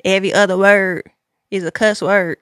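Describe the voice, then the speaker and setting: A woman's voice: mid-range voice, steady tone, normal speed, a bit bright, no room sound, studio quality. A woman podcast host, giving an earnest faith-based talk to her listeners, repeating key lines with preacher-like emphasis.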